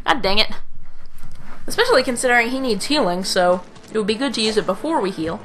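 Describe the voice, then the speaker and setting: A woman's voice: mid-range voice, fast talker, fairly bright tone, soft background music. A young woman casually commenting on a strategy game she plays, rambling, with filler sounds. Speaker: let's play host.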